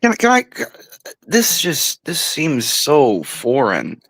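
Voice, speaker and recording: A slightly drunk man talking bluntly and rambling in casual podcast chat, with drawn-out repetitions. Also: on the high side, wildly swooping pitch, a bit bright, no room sound. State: tipsy.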